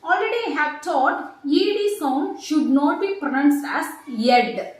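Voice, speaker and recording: A woman with a high voice gives an English vocabulary lesson at an unhurried pace. She says each word and example twice. Her voice rings around a very echoey room. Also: expressive, far from the mic. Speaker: English teacher.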